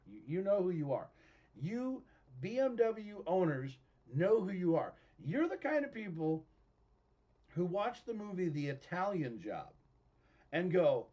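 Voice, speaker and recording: A man hosting his own online show, talking in an excitable, animated rant and often breaking into laughs. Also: high voice, dull audio. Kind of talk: excitable ranting monologue.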